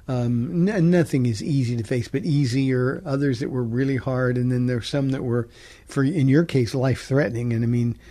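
Mellow-voiced male radio pastor. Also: medium pitch. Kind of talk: radio Bible teaching.

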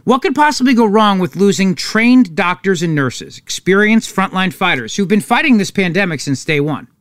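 A man's voice: high-pitched, lively intonation, normal speed, a bit bright, no room sound, clean studio sound. A man hosting a political talk show, sarcastic and mocking in his commentary. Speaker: talk radio host.

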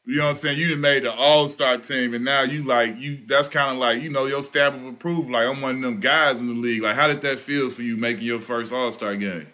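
Bright, slangy podcast host. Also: male voice, medium pitch, steady tone, fairly quick, few pauses. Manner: loose, slangy, lots of "like". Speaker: podcast co-host, former player. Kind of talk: casual interview chat.

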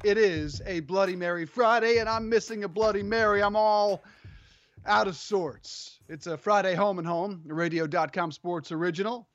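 Playful male co-host, high-pitched, dry dull home recording. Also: fairly quick, hardly any pauses, no room sound, faint music behind. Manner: playful, self-mocking. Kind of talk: casual sports show banter. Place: home studio. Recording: dull lo-fi remote audio.

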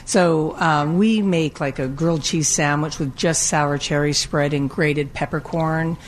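A woman's voice: low-pitched, steady tone, measured pace. Enthusiastic woman guest, faint background noise. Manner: friendly, enthusiastic, fillers. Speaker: guest, creamery owner. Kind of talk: casual radio chat.

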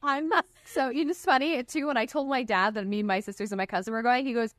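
A woman's voice: a little high, rapid-fire, few pauses, no echo, clean studio sound. A young woman guest on a podcast, speaking emphatically and with indignation about her views. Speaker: guest media reporter. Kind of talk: opinionated casual chat.

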